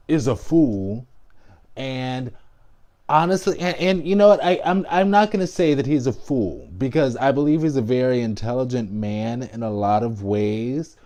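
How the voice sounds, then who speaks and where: Animated man ranting on a vlog. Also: medium pitch. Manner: animated and emphatic, with frequent restarts and asides. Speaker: vlogger. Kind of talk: casual political commentary vlog.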